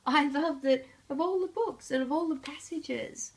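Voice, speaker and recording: A woman's voice: high-pitched, moderate pace, hardly any pauses, a little hiss or hum. A woman psychic reading oracle cards and books for a viewer, in an earnest, reflective way with light laughs. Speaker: psychic reader.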